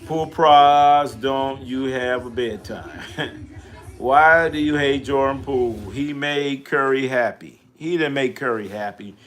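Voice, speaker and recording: A man's voice: mid-range voice, slow. A middle-aged man hosting a casual live stream, trash-talking, repeating himself and answering chat questions aloud.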